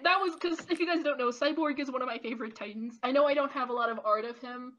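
A woman in her twenties giving casual, animated opinion commentary with lots of ums and restarts. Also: high voice, fast, slight background noise. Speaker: YouTube commentator. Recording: lo-fi dull audio.

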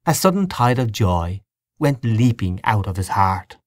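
A man narrating a literary audiobook with a measured, expressive reading. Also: lowish voice, no echo, studio quality.

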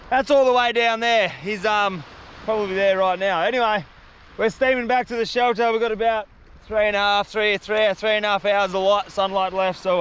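A young Australian man vlogging a solo survival trip outdoors, excitable and slangy, talking straight to camera. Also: high-pitched, slight background noise. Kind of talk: casual outdoor vlog. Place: outdoors on a beach in the bush.

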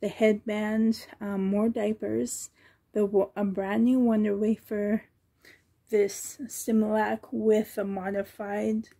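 A woman at home on the floor, showing a doll she is selling, talking softly with many ums and a little out of breath. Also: medium pitch, flat delivery, takes it slowly, gravelly, slightly rough. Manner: soft, cooing over the doll, with many ums. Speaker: reborn doll seller. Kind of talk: casual show-and-tell vlog.

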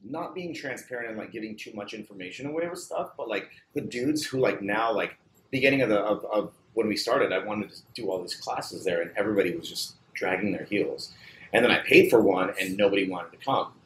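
A low-pitched man talks shop as a barbershop owner, animated, cursing casually and packing his sentences with "like." The room around him is echoey, with a faint hum underneath. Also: a little fast. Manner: animated, swears freely, fills with "like". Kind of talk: casual chat. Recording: roomy echo, faint background hum.

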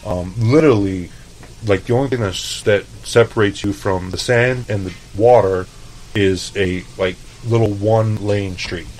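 A man's voice: fairly low pitch, steady tone, measured pace, a little mellow, a little hiss or hum, rough recording. A man from El Paso, a chef guest telling laid-back, profane stories in a casual interview. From El Paso, Texas.

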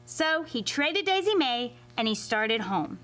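A woman reading a fairy tale aloud to children as a library storyteller, expressive and animated. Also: a little high, measured pace. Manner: expressive and animated, addressing kids.

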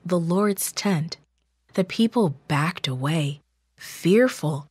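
A woman reading a Bible story for children in a slow, measured, gentle manner. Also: fairly low pitch, no room sound, clean studio sound.

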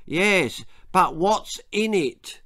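A man's voice: sits high, animated, very slow, a bit bright, dry recording, studio quality, voice pushed up, exaggerated voice. A man voicing a mild but probing middle-aged father.

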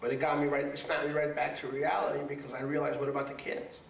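Brief: man, rabbi delivering a sermon, raised pitch, emphatic and repetitive, echoey room, mic far off. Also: flat delivery, quick pace, gravelly, slight background noise. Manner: emphatic, repeats words for stress, asks the audience for agreement. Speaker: rabbi teaching a congregation.

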